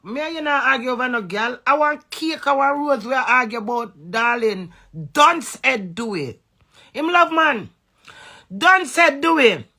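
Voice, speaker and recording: Jamaican woman, middle-aged, angry profane rant to camera, gravelly, sharp tone. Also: on the high side. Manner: heated, profane, confrontational. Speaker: social media personality.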